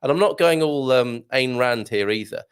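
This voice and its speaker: A man's voice: medium pitch, lively intonation, normal speed, clear, resonant tone. A man hosting a live stream, reading viewer comments and musing aloud in a wry, rambling way. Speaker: online community host.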